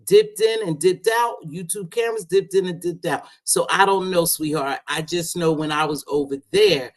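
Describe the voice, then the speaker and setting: A woman's voice: on the low side, animated, normal speed. Brief: middle-aged woman, live stream host, loose chatty talk, calls folks baby and sweetheart. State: unwell after medication. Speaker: livestream host. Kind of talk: casual live chat.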